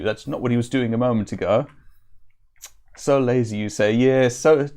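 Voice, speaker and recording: A man giving casual let's-play commentary while slightly ill, chatting and reading game text aloud with occasional throat clearing. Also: medium pitch, animated, measured pace, pauses often, darkish tone. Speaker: streamer.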